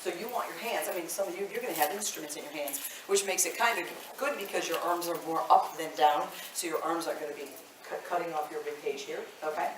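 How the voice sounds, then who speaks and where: Her voice sits on the low side and moves fast with few pauses as this voice teacher and choir director chats through a live singing workshop, checking in with "okay?" after each point. The sound is roomy and distant, picked up by a far-off room mic in a big echoey room with the group present, plus a faint hiss.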